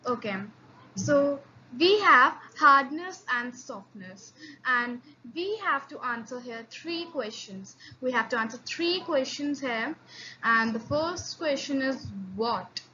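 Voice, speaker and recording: A high, bright-voiced woman teaches a beginner language lesson at an unhurried pace. She is patient and encouraging, repeats sounds for her students to copy and restarts her sentences often. The recording is a little dull, with a faint hiss behind her. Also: lively intonation. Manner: frequent restarts and fillers.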